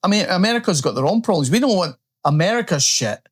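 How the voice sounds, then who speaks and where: A man's voice: high voice, expressive, fast. A man with an Australian accent co-hosting a casual political chat, blunt and sweary, using "like" and "mate" a lot. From Scotland. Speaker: podcast co-host.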